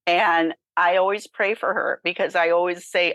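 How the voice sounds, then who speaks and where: A woman's voice: on the low side, fairly even intonation, moderate pace, few pauses, a bit bright, dry recording. A woman guest telling an emotional personal story in an earnest way, near tears, acting out the dialogue she quotes. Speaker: guest, nonprofit founder.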